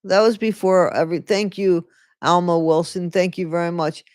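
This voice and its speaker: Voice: medium pitch, steady tone, normal speed, darkish tone, clear, resonant tone, dry recording, studio quality. A livestream host giving blunt, scornful running commentary, swearing freely and chatting with viewers in the live chat.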